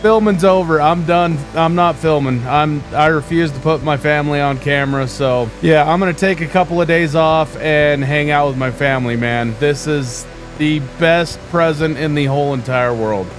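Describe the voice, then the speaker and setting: A man's voice: fairly high pitch, normal speed, faint music behind. A young man from the United States narrating a gaming roleplay vlog in a folksy, cussing manner, addressing viewers as boys.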